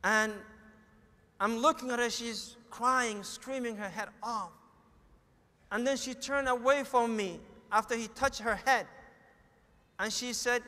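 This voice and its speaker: A man's voice: extremely high pitch, slow, long pauses, sharp tone. A middle-aged man with a Somali accent giving a sermon, telling a family story and acting out the dialogue. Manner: storytelling, acts out quoted dialogue. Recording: echoey hall.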